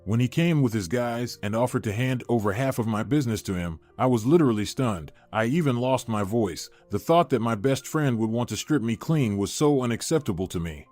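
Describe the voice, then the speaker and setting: Man playing a wealthy businessman, middle-aged, grave, measured, storybook reading, mid-pitched voice. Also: expressive, darkish tone, soft background music, lightly acted.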